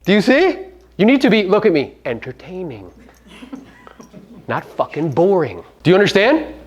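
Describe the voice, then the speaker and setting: A man's voice: high-pitched, very animated, moderate pace, dull audio. A man giving a live motivational seminar talk to real estate agents, brash and profane, firing rhetorical questions at the audience.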